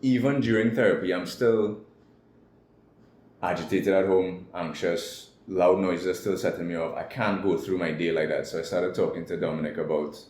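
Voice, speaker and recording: A man's voice: deep voice, steady tone, normal speed, darkish tone. A man with a Trinidadian accent, a guest telling his personal story candidly in an interview. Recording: echoey room with faint noise.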